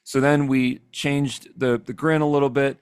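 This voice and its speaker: A man giving a casual, upbeat screen-share software tutorial, chatty and often checking in with "okay?". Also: medium pitch, level tone, normal speed, smooth, no room sound. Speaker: software trainer. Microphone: desk microphone.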